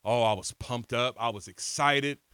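A man in his thirties preaching an energetic sermon, telling his own story, calling on the crowd and swinging from soft to shouted lines. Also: medium pitch, normal speed, clean tone, no room sound. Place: church hall before a congregation.

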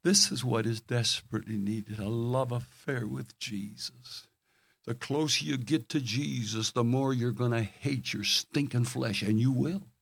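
A man's voice: medium pitch, a little slow, vocal fry, slightly rough, dry recording. Earnest older man preaching, dry sound. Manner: storytelling, earnest, swings from loud emphasis to hushed tones. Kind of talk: sermon.

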